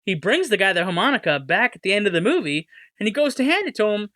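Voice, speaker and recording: A man's voice: high voice, big pitch swings, fast, bright, forceful tone, no room sound, clean studio sound. A man hosting a podcast, talking casually in a rambling, enthusiastic, self-deprecating way. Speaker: podcast host. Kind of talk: casual chat.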